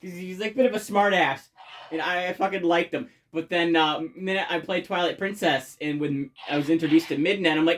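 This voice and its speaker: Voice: mid-range voice, fairly quick. A game reviewer talking casually and enthusiastically, swearing constantly and rambling with many fillers and restarts.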